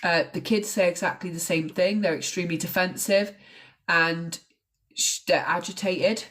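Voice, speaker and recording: A woman's voice: lowish voice, fairly even intonation, normal speed, a bit bright. A woman hosting a true crime show, recounting a case in a casual, earnest way with frequent ums. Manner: conversational, with frequent ums and likes. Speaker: true crime podcast host.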